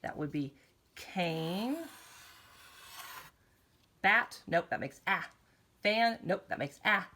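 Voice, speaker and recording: A woman teaching kindergartners phonics, slowly drawing out vowel sounds in an encouraging, sing-song way and speaking straight to the children. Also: on the low side, lively intonation, bright, forceful tone, a little hiss or hum. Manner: encouraging, talks directly to children. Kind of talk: recorded morning meeting lesson for young children.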